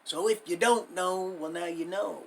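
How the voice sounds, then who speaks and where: A man's voice: sits high, moderate pace, vocal fry. A middle-aged man hosting a livestream, telling his life story in a rambling, folksy way and drifting into preaching at his viewers. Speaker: livestream host.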